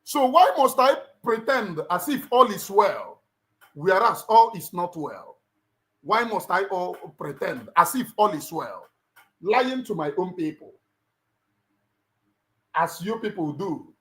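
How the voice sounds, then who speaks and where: A middle-aged man with a Nigerian accent addresses his livestream viewers in a fervent, sermon-like style. He repeats phrases for emphasis and presses each point home. His speaking voice sits somewhat high for a man. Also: big pitch swings, slow, pauses often, fairly bright tone. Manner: emphatic, repeats lines like a preacher. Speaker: livestream host.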